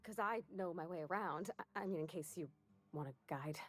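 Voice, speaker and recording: A woman's voice: lowish voice, brisk, lightly acted. A woman voicing a shy, eager young woman mechanic in a video game, who talks hesitantly and is keen to please. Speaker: game character.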